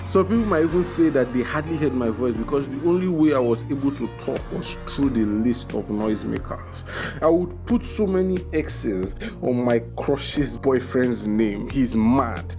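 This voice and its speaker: A young man doing a casual, joking review, animated, with bursts of loud exclamations. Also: medium pitch. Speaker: video reviewer.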